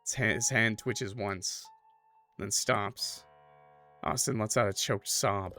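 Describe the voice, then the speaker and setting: A streamer plays a horror game, reading its text aloud and chatting casually between passages in a laid-back way full of "like" and "bro." His voice sits on the low side, slow, pushed and bright, with soft music behind him.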